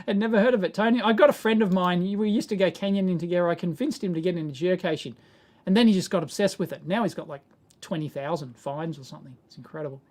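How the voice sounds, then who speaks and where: Australian male host, relaxed live Q&A, chuckly, rambling, unpolished. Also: sits high, quick pace. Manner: rambling, chuckling, self-correcting. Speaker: live stream host answering viewer questions. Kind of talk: casual live Q&A chat.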